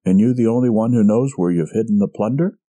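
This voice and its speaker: A man reading a story, voicing a hard young man who speaks with cold, dangerous calm. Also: mid-range voice, moderate pace, husky, no echo. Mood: suspicious. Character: hard young man, coldly suspicious, furious. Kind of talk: audiobook character reading.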